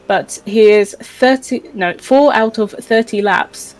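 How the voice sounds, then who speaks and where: A woman's voice: mid-range voice, slow, a little mellow, rough recording. A woman co-hosting a live stream, reading out chat in a casual, giggly way with plenty of hesitations. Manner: giggly, hesitant, lots of ums.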